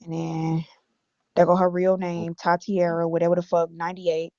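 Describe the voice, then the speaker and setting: A woman from Illinois, a guest on a stream, bluntly reads her text messages aloud with plenty of profanity. Her lowish, mellow voice is completely flat and moderately paced. The recording is dry, with dull lo-fi audio.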